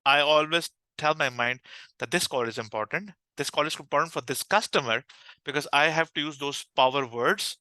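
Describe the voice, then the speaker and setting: Bright, crisp man with a Pakistani accent. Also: fairly high pitch, normal speed, no echo, rough recording. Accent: Pakistani English. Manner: energetic, frequent restarts and fillers. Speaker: customer success manager, podcast guest. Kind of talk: conversational interview answers.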